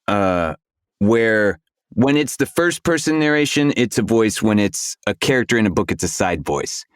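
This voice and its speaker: A man who is an audiobook narrator, a guest on a roundtable podcast, telling animated, winding stories. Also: lowish voice, moderate pace, clear, resonant tone, dry recording, clean studio sound. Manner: animated storyteller, talks in long winding stretches. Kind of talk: casual roundtable discussion.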